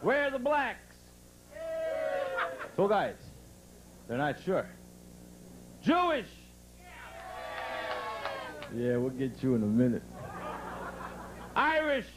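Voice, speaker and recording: A man's voice: high-pitched, huge pitch swings, takes it slowly, long pauses, noisy background. A man doing brash live stand-up comedy, working the crowd with punchy delivery on a resort club stage.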